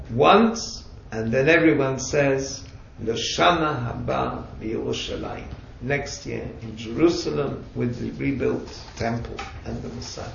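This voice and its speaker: Gravelly man teaching in an echoey room. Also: on the high side, a bit bright. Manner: patient, explanatory, with chatty asides. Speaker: religious teacher. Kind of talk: explanatory talk to a group. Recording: echoey room, distant mic, dull sound.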